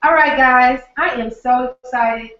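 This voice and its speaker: A woman's voice: sits high, unhurried. A woman with a Southern accent, hosting a live online training and signing off to viewers in an upbeat, folksy way from her office. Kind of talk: live webinar sign-off. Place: office, alone. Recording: very echoey, distant, dull lo-fi.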